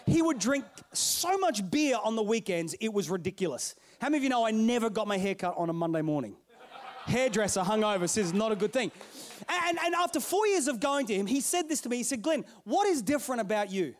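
A middle-aged male pastor telling a story in a sermon, playful and animated, calling out to his congregation. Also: high-pitched, fairly quick.

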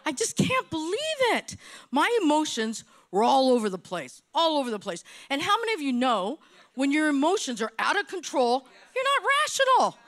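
A woman from Hawaii gives a church testimony in a high, bright voice. Her pitch leaps and swoops constantly as she tells her story dramatically. She repeats key phrases for emphasis, like a seasoned preacher. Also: moderate pace. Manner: animated, dramatic storytelling with repetitions. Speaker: church speaker giving testimony. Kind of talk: sermon testimony.

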